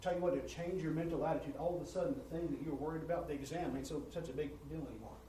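Guy preaching, kinda high voice, big echoey room, mic far off. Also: rapid-fire, dark tone, slight background noise. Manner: preaching with swelling rises in volume and pitch, repeats words. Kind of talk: sermon. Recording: roomy church sound from a distant mic.

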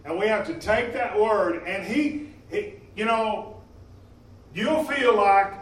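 A man preaching a sermon in a church, impassioned, swinging between loud emphasis and quieter stretches. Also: high voice, slow pace. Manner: impassioned, rising and falling in emphasis. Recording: echoey room from a distance.

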